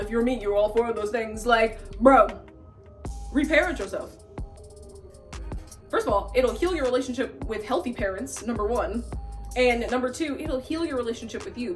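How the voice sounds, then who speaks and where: Emphatic woman in her late twenties. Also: on the high side. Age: late 20s. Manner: emphatic, blunt, repeats lines for effect. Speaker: vlogger. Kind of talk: casual advice vlog.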